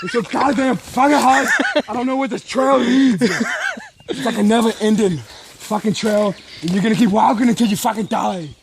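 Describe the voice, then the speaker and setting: A man's voice: sits high, moderate pace. A man putting on a crude, boastful action-star character on a nature walk, rambling profanely and laughing at his own jokes outdoors on a trail. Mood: griping. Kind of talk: improvised comedy walk-and-talk. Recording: clear outdoor background noise.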